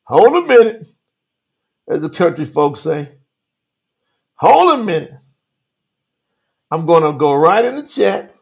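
A man preaching on a live stream, animated, calling out to viewers by name and reading scripture slowly for emphasis. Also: a little high, vocal fry. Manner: Southern-style 'y'all' address, drawn-out emphatic reading. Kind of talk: livestream sermon reading scripture.

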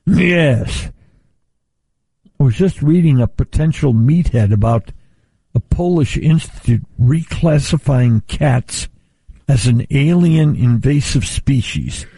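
A man with a frog in his throat reading a live radio ad, halting and clearing his throat. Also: medium pitch, warm tone, dry recording. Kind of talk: live ad read.

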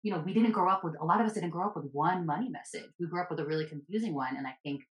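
A woman chatting frankly and casually, using slang in a lively way. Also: on the low side, rapid-fire, roomy sound, low-quality recording. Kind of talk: casual conversation.

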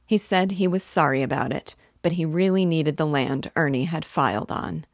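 A woman narrating a novel aloud in a steady, measured way. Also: sits low, dry recording, studio quality.

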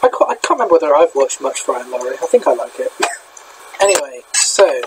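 A man's voice: medium pitch, animated, fast, background noise. A British man co-hosting a podcast, chatting casually and rambling in a self-deprecating way. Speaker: podcast co-host. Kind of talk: casual chat.

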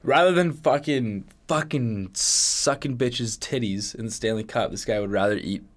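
A young man from Canada co-hosting a podcast in casual chat, crude and animated, swearing often. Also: medium pitch, moderate pace. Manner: crude, animated, swears a lot, does impressions. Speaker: podcast co-host.

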